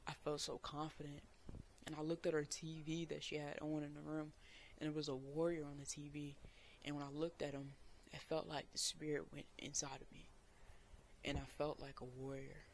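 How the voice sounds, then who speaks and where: A young man earnestly telling a personal story as a vlogger, sometimes bursting out loud. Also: a little high, little pitch movement, moderate pace, slight background noise. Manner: earnest, emotional retelling with loud outbursts.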